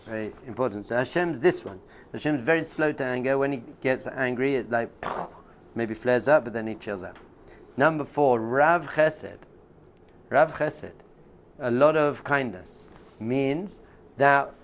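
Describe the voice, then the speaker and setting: Joking rabbi giving a casual class. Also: male voice, mid-range voice, moderate pace. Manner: conversational, jokey, laughs often, acts out quotes. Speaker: rabbi teaching. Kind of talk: informal Torah class.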